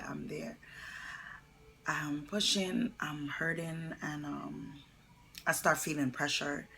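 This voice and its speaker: A young adult woman telling a painful personal story to camera, close to tears, halting with many pauses and fillers. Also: deep voice, creaky, fairly bright tone, slight background noise, poor audio. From New York. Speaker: vlogger.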